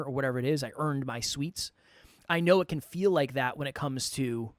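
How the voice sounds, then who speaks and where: A man co-hosting a podcast in casual chat, talking quickly and animatedly, his voice a little worn from a long day. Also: a little high, dry recording, studio quality. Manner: quick, animated, self-correcting. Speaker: podcast co-host.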